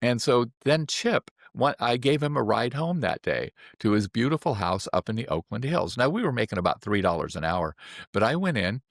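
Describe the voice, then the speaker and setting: A man in his seventies, an acupuncturist, telling personal stories in a relaxed anecdotal way. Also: mid-range voice, moderate pace, dry recording, clean studio sound. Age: 70s. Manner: relaxed anecdotal, acting out quoted voices. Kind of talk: personal storytelling.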